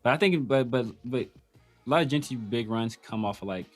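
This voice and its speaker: A man's voice: medium pitch, moderate pace, soft background music. A man hosting a casual sports talk show, rambling with many restarts and fillers. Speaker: podcast host.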